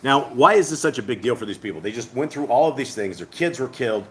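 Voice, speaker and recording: A man's voice: mid-range voice, animated, quick pace. A man hosting a casual livestreamed Bible study, reading scripture aloud and explaining it in a rambling, conversational way.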